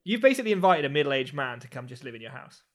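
Teasing man with a lively voice. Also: medium pitch. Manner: teasing, quick quips. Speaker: podcast co-host. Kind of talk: casual chat.

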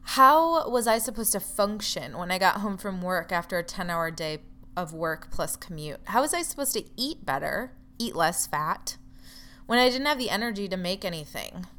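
A woman's voice: fairly low pitch, expressive, moderate pace, sharp tone. A woman telling a personal story in a candid, frustrated way, with wry asides.

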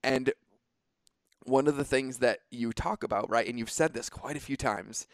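A man's voice: mid-range voice, moderate pace, dry recording. A man hosting a podcast in casual conversation, talking emphatically and swearing casually. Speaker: podcast host.

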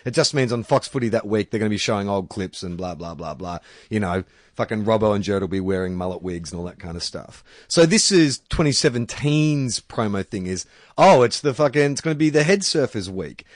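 A man's voice: on the low side, a little fast, no room sound, clean studio sound. A man with an Australian accent co-hosting a casual sports chat, ranting with frequent swearing. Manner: swears freely, animated rants. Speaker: podcast co-host.

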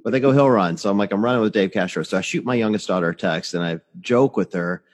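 A man's voice: low voice, quick pace, long reverb tail. A man in his forties, a podcast host telling stories in casual chat, blunt and swearing freely. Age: 40s.

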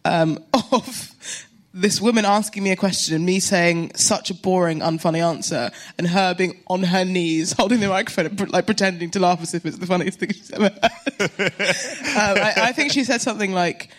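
A woman's voice: on the low side, a little fast. A British woman, a comedian and actor, chatting on a cinema stage as a live podcast guest, laughing easily and mocking herself. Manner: chatty, giggly, self-mocking.

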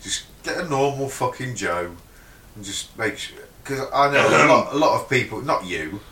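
A jokey, sweary man co-hosting a podcast, with a bright, forward voice. He is picked up from across a roomy space. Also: mid-range voice, animated, moderate pace, distant mic. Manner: jokey and sweary, mock accents. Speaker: podcast co-host. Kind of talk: casual banter.

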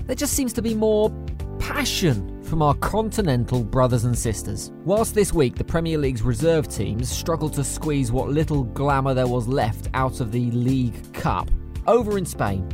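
A man hosting and narrating comedy in a dry, sarcastic way. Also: medium pitch. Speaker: host. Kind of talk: sardonic scripted comedy narration.

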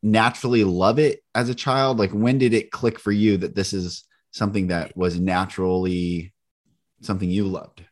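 A man's voice: lowish voice, fairly even intonation, moderate pace. Curious male podcast host. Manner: curious, encouraging, with short affirmations. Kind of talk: casual interview questions.

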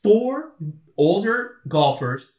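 A man co-hosting a podcast, casually chatting and telling animated stories, acting out what people said. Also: high voice, slow pace. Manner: animated storyteller, acts out quotes. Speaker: podcast co-host. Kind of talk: casual chat, storytelling. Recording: echoey room, distant mic.

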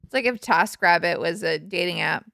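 A woman's voice: on the low side, moderate pace, vocal fry, bright, forceful tone, no echo, clean studio sound. A young woman co-hosting a podcast in playful, teasing casual chat. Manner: playful, teasing, laughing often. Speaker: podcast co-host.

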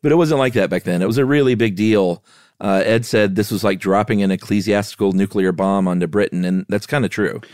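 A man co-hosting a podcast, explaining history in a relaxed way with playful asides. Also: on the low side, a little fast, no echo, studio quality. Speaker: podcast co-host. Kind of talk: casual history chat.

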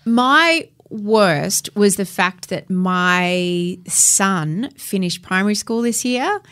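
A woman's voice: medium pitch, a bit bright. A middle-aged woman co-hosting a casual podcast, talking in a reflective, easygoing way. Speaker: podcast co-host.

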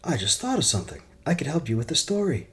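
A man voicing a young woman intern who is eager and quick-tempered, talking in a raised, pushy voice. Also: medium pitch, very animated, fairly bright tone, pitched above the performer's own voice.

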